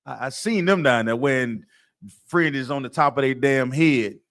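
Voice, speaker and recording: Man putting on an old brother grumbling fondly, saying the same thing over and over, a bit quieter than usual. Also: mid-range voice, normal speed, lightly acted. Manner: repetitive, insistent griping.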